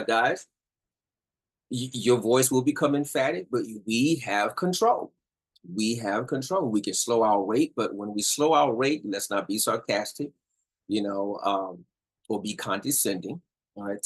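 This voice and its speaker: Over a rough recording, a middle-aged man with a fairly low, slightly rough voice offers viewers casual instruction on how couples communicate. He presses his points emphatically, goes over them again and again, and often asks "all right?".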